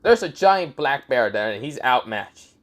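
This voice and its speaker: A man's voice: mid-range voice, big pitch swings, unhurried, fairly bright tone. A young man casually improvising a story, rambling and crude with lots of fillers and self-corrections.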